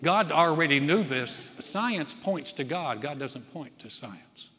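A male pastor from North Carolina delivers a sermon. He talks in a folksy, conversational way with a somewhat high voice. Long reverb from a large church hall carries every line. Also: animated, takes it slowly, sharp tone.

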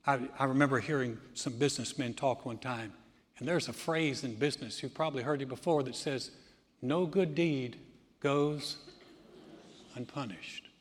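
A man preaching a sermon as pastor, telling stories and swinging between loud emphasis and hushed, low lines. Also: normal speed, breathy edge, long reverb tail.

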